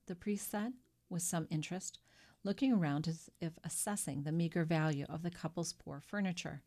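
A woman reads a classic novel aloud as an audiobook narrator. Her voice is on the low side, and she tells the story at a measured, expressive pace.

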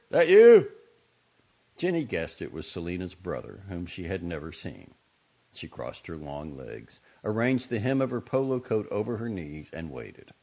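Deep-voiced man reading a story aloud. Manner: lively, expressive storytelling. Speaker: narrator. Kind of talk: audiobook reading. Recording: dull lo-fi recording.

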